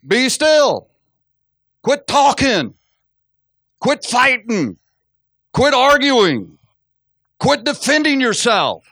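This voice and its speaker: High-voiced storytelling male preacher. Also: no echo, studio quality. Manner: storytelling, animated, acts out quotes with laughs. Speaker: pastor. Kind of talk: sermon.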